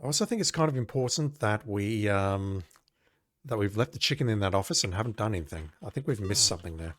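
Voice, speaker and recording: A man's voice: on the low side, expressive, quick pace. A man casually playing an old adventure game, reading its text aloud and making wry asides with occasional swearing. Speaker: let's play host.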